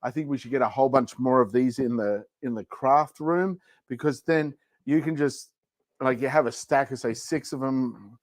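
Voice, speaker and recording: Recorded at studio quality with no room sound, a man with a mid-range voice and moderate pace hosts a livestream product show. He keeps it casual, playful, and rambling, cracking jokes between demos.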